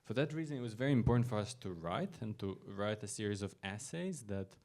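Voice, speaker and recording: A man hosts a panel in a slightly lower voice, often repeating words and restarting as he finds his way to the next speaker. His delivery is loose and unscripted. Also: lively intonation, a little fast, a little mellow. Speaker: project lead and panel host. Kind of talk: panel moderation. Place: gallery event hall.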